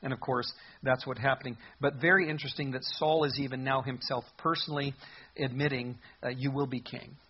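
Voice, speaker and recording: A man's voice: medium pitch, steady tone, fairly quick, slightly rough, lo-fi sound. A man preaching as a pastor, reading Bible verses aloud and explaining them in an emphatic, conversational way. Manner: reads scripture aloud then comments conversationally, emphatic. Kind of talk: expository Bible teaching.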